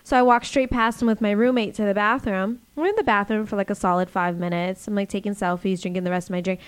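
A woman in her late twenties from Boston, telling an anecdote in casual, profane, animated chat. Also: medium pitch, fast talker, clear, resonant tone, no room sound. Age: late 20s. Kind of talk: casual storytelling.

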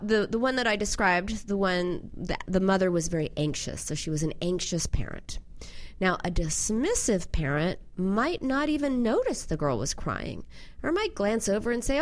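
Animated woman giving self-help advice. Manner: animated, acts out quoted voices in a higher pitch. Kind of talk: advice talk on emotional eating.

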